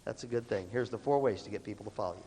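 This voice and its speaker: A man's voice: on the low side, rapid-fire, mellow, husky. A man giving a live motivational talk to a large student audience, conversational and coughing now and then. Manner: conversational, acts out quoted students. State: coughing repeatedly. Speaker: motivational speaker. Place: large hall with a big audience. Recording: long hall reverb.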